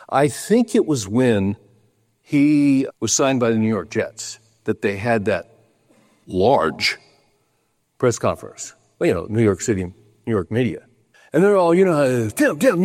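Older preacher man in a reverberant hall. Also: medium pitch. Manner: storytelling, emphatic, acts out quotes in a raised voice. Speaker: pastor. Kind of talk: sermon.

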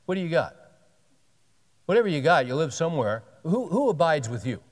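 A man in his sixties, a pastor, preaches a sermon, reading scripture aloud and interrupting himself with folksy jokes. His voice is fairly high and sing-song, and he talks fairly quickly. A long hall reverb surrounds the recording.

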